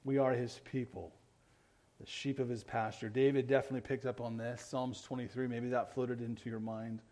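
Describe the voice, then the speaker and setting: Earnest preaching man, mid-pitched. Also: little pitch movement, normal speed. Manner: earnest preaching, keeps asking the congregation "right?"; swings between loud emphatic lines and quiet low ones. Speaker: pastor. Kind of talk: sermon.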